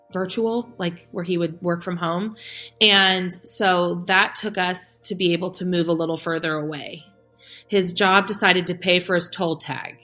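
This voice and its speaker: A woman in her thirties, a podcast guest, telling her story in a casual, animated way, laughing often and acting out the dialogue. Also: on the low side. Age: 30s.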